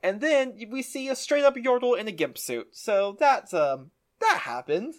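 Lively swooping pitch, mid-range voice, casual show recap, eager retelling. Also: measured pace. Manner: enthusiastic retelling with quoted voices. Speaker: podcast co-host.

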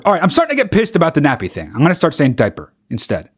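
A man hosts a casual comedy podcast, his pitch swinging widely as he rants. He swears freely and reads the article in a mocking, sarcastic tone. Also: huge pitch swings, racing, breathy edge. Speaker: podcast host.

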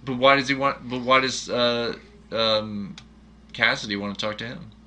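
A man's voice: mid-range voice, level tone, moderate pace, sharp tone. A man co-hosting a casual movie chat, asking eager, jokey questions. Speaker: podcast co-host.

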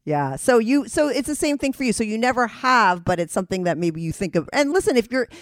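A woman hosting a podcast, telling candid stories in a casual chat, animated and profane, laughing often. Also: fairly high pitch, fairly quick, no echo, studio quality. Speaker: podcast host.

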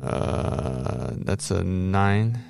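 A man's voice: deep voice, animated, drawn-out words, creaky, over music. A young man playing a tabletop game, casual and joking, swearing freely. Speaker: player.

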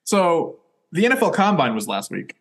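Male podcast co-host, casual and joking, recaps scenes with quick asides. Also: a little high, big pitch swings. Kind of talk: casual chat recapping a TV episode.

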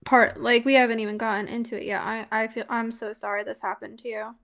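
A woman co-host breaks in during a casual chat, rushed and flustered, pouring out sympathy. Her voice has a gravelly, creaky edge, and she speaks a little high with a narrow, level pitch. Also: flat delivery, fairly bright tone.

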